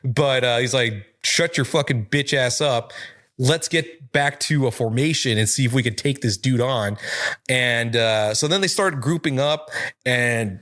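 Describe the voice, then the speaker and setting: A man's voice: medium pitch, unhurried, fairly bright tone. A man co-hosting a comic book review podcast, recapping the story in a casual, profane way and quoting its characters in his own voice.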